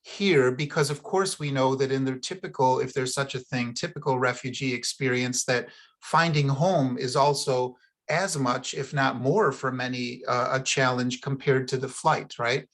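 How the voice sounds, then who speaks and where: A man's voice: mid-range voice, fairly even intonation, normal speed. A man hosting an online Q&A, thanking the author and asking questions with fillers. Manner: warm, appreciative, with fillers. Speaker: session host. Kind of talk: moderating an online Q&A. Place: home, on a video call. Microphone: video call microphone.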